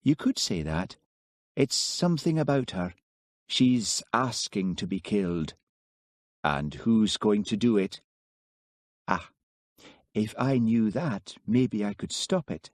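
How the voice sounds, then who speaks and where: A man reading a calm, soft-spoken young Highland woman astrologer, with a soft lilting Highland accent. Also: slow pace, pauses often, dry recording, clean studio sound. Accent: Scottish Highland. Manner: calm, quietly knowing.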